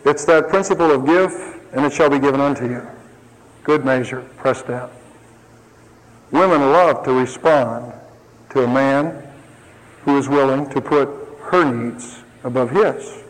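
A man preaching a sermon, swinging between emphatic rises and quiet low asides, with humorous stories for the congregation. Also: unhurried, long pauses, long reverb tail, poor audio. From lived in Ohio. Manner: tells humorous anecdotes to the congregation.

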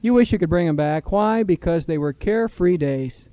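A man's voice: high voice, lively intonation, normal speed, mellow, smooth, dry recording, lo-fi sound. A middle-aged man preaching a sermon in church, earnest, with a rising emphasis on key points. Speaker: pastor.

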